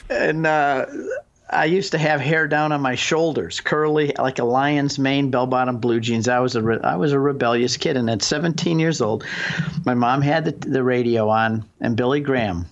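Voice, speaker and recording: A man in his sixties speaks as a guest on a radio talk show, earnest and emphatic as he tells a personal story at a steady middle pitch. His voice comes through a dull, slightly lo-fi line. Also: moderate pace. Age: 60s. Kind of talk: call-in radio conversation.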